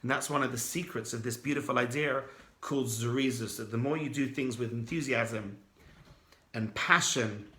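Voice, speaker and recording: Animated rabbi with a bright voice. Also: male voice, mid-range voice, moderate pace. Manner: animated, dramatic storyteller who acts out quoted speakers. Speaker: rabbi teaching a class. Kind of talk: lively Torah class with storytelling.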